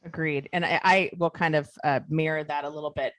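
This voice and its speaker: Woman, podcast host, relaxed and joking, lower voice, dry close sound. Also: fairly quick, no echo. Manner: relaxed, joking, steering the talk. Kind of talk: casual chat.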